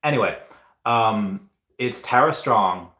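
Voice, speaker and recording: A man with a fairly low voice hosts a casual livestream, chatting through viewer comments. He rambles enthusiastically and stops and restarts often. His voice rings out in a roomy, echoey space. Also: lively intonation, slow, sharp tone. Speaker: livestream host. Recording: roomy echo.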